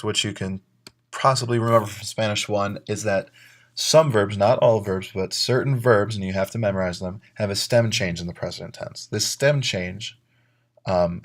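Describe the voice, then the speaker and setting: A man teaching a Spanish grammar lesson, who works through verb endings methodically, spells out letters and reads each example sentence with its translation. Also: lowish voice. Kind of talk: recorded grammar lesson narration.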